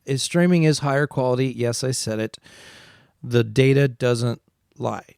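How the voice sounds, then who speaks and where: A man's voice: medium pitch, measured pace, gravelly, a little mellow, clean tone, no room sound, studio quality. A man co-hosting an audio podcast, talking casually and opinionated, rambling through his points in a self-described facts-guy way. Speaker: podcast co-host. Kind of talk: casual chat.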